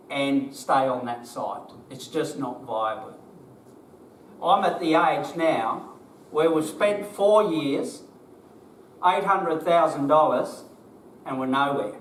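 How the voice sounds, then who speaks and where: An older Australian man with a fairly high voice tells a group his story, plain-spoken and emotional, asking them rhetorical questions. He is caught from a distance in a roomy, echoing space, with faint ambience behind him. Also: slight background noise. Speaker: business owner giving a talk.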